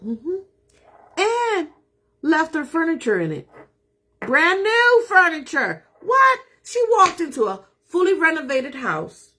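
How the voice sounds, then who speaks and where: A woman's voice: fairly high pitch, fairly bright tone. A middle-aged woman real estate agent talking casually to viewers, emphatic and self-assured. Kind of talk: casual live talk to viewers.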